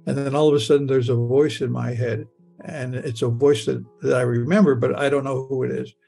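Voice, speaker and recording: A man's voice: mid-range voice, little pitch movement, a little fast, vocal fry, mellow, husky, faint music behind. An older man telling a personal story in the present tense, stammering and repeating words as he goes. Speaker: near-death experience storyteller.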